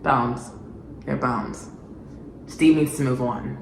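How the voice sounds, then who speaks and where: A woman ranting in a vlog commentary, animated, sarcastic and exasperated. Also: very deep voice, slow, gravelly, reverberant, slight background noise, rough recording. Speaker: video essayist.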